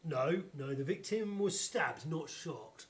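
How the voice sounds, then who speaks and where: A man's voice: fairly high pitch, animated, takes it slowly, voice pushed down. A man playing a bumbling pompous inspector. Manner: stagey, flustered, stammering delivery. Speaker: comedy actor. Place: live theatre stage.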